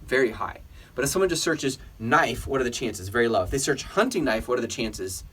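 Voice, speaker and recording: Husky-voiced man teaching online selling. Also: mid-range voice, fairly quick. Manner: energetic, emphatic, asks viewers questions. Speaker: online business instructor. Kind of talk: screen-recorded tutorial.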